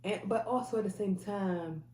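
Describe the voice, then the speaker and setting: A woman's voice: mid-range voice, normal speed, darkish tone, reverberant, a little hiss or hum. A woman telling a personal faith testimony in a casual, emphatic way, repeating phrases and restarting often. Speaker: mother sharing a faith testimony.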